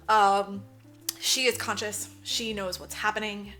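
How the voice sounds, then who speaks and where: Bright-voiced woman recapping a movie. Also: medium pitch, unhurried, soft background music. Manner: animated, swears freely, acts out characters' lines. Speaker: podcast co-host. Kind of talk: casual movie recap chat.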